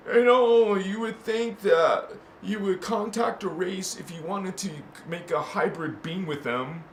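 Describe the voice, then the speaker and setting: A man hosting a spiritual talk, rambling between quiet musing and impassioned shouts. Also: high-pitched, unhurried. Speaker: spiritual channel host. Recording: echoey room with faint noise.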